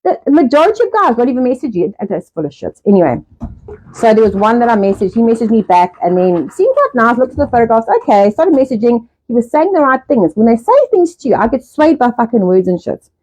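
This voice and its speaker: Streaming live from home through a phone or laptop mic, a woman in her forties rants casually, cursing, rambling and performing her own reactions. Her voice runs on the high side with big pitch swings, brisk and a little mellow, and the audio is poor.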